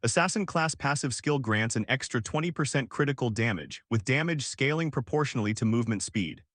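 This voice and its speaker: A man's voice: medium pitch, animated, brisk, fairly bright tone, dry recording. A game system announcer, read by a male narrator, informative and matter-of-fact. The sound is dry and close.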